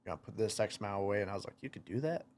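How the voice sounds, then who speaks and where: A young man in his twenties with a slightly low voice tells a story in an easygoing podcast chat. He rambles, leans on "like" constantly and acts out what he and others said. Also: animated, very fast, darkish tone. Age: 20s. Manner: rambling, many "like" fillers, quoting himself. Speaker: guest, motocross racer.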